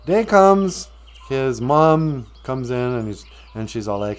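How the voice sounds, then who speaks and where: A man's voice: medium pitch, very animated, takes it slowly, smooth. A man hosting a live stream, retelling a fairy tale casually with rambling, joking asides. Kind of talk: casual comedic storytelling.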